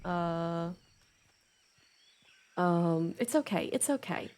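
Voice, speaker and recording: Excitable streamer woman, lively animated voice. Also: lowish voice, extremely slow. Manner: excitable, yelps and laughs, apologetic chatter. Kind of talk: live gaming stream chat.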